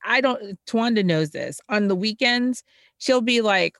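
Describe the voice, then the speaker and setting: Woman, low voice, dry close sound, casual chat, animated, chatty. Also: normal speed, dry recording. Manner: animated, chatty, jumps in pitch when emphatic.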